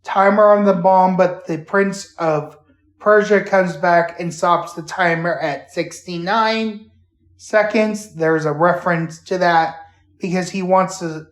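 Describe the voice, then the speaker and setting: A man hosting a casual podcast, retelling a show haltingly with many fillers and restarts. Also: high-pitched, fairly bright tone. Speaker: podcast host. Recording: roomy echo.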